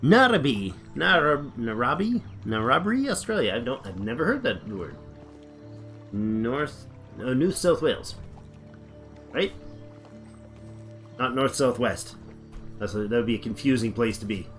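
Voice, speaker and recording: A man's voice: medium pitch, very animated, measured pace, long pauses, a bit bright, soft background music. A man casually chatting on a livestream while playing a game, rambling and thinking aloud as he reads the chat. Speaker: game streamer.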